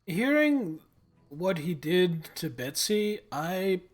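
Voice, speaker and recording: Male live streamer, rambling gameplay commentary, somewhat raised pitch. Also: unhurried. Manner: chatty, rambling aside to viewers.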